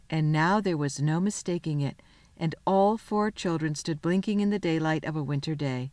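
A woman reading a children's novel aloud in a lively, expressive storytelling manner. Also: low voice, normal speed, no room sound, studio quality. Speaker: reader.

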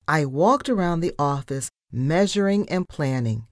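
A woman reading a children's storybook aloud with deliberate, expressive narration. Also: sits low, dry recording, studio quality. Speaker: storybook reader. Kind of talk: children's book read-aloud.

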